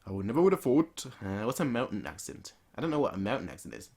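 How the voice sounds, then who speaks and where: A man's voice: lowish voice, very animated, fast. A man hosting a manga reaction, reading the pages aloud with casual, playful asides.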